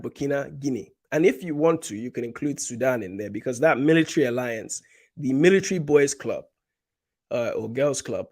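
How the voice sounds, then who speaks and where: A man from Nigeria hosting a casual political commentary livestream, animated and repeating points for emphasis, with many fillers and restarts. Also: mid-range voice.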